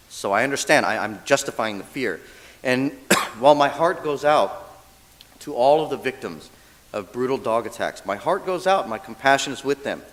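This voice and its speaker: A male minister giving a casual, humorous dharma talk, often checking in with the audience. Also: mid-range voice. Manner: animated, acts out quoted voices, asks audience "right?". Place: church hall. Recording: long hall reverb.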